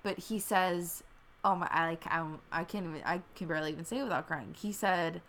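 A woman's voice: lowish voice, a little fast, fairly bright tone. A woman co-hosting a casual chat, rambling and profane, often restarting her sentences.

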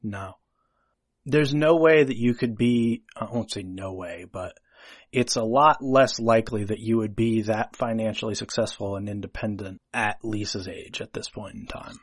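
A man's voice: lowish voice, normal speed, dry recording. A man co-hosting a podcast, talking through a film script in a chatty, analytical way with hesitant fillers. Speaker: podcast co-host. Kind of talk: casual discussion of a film script.

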